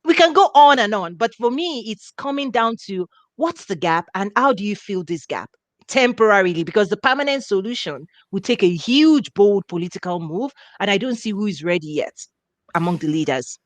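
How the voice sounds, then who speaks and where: A woman hosting a conversational interview, speaking emphatically with lively, drawn-out exclamations. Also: mid-range voice, no room sound. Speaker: interview host.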